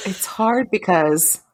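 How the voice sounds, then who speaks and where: A guest on a podcast, reacting to a story in casual chat with wry, expressive remarks. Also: medium pitch.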